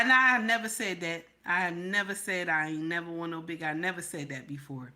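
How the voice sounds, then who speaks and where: A woman's voice: lowish voice, fairly quick, hardly any pauses, sharp tone. A woman giving blunt, emphatic reaction commentary, often repeating "Okay?" for emphasis.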